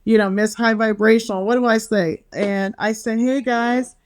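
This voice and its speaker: At a moderate pace and level tone, a middle-aged woman with a mid-range voice chats casually in a podcast interview. The wellness author is a bubbly storyteller, often laughing and acting out the quotes she shares.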